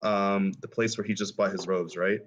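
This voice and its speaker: A man's voice: on the low side, steady tone, moderate pace, fairly bright tone, dull audio, a little hiss or hum. A man playing a tabletop game, describing his character's moves in a casual, laid-back way. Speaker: player.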